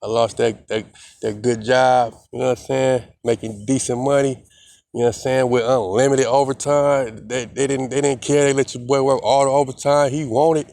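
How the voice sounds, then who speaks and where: A man's voice: mid-range voice, fairly even intonation, normal speed, gravelly, a little mellow, no room sound. A young man, rambling defiantly in a casual vlog monologue, repeating himself and swearing a lot. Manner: heavy slang and profanity. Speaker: vlogger.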